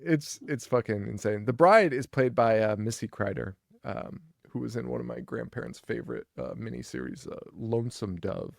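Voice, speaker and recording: A man's voice: mid-range voice, normal speed, gravelly, few pauses, no echo, clean studio sound. A young man co-hosting a horror movie podcast in casual chat, recapping scenes with profanity and acting out the characters' lines. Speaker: podcast co-host.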